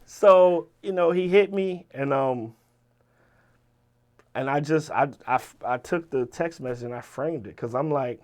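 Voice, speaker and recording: A man with a Virginia accent, a rapper telling stories as an interview guest in a casual, animated way, swearing and acting out the people he quotes. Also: fairly high pitch, measured pace. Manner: animated, profane, quotes people in lively voices. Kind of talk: casual storytelling.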